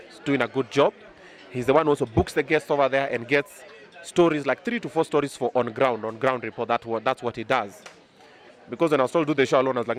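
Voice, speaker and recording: A Kenyan man in his thirties being interviewed outdoors, chatting casually and boastfully, mixing in Swahili words. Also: medium pitch. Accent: Kenyan English. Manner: animated, boastful, quick bursts. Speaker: media personality interviewed.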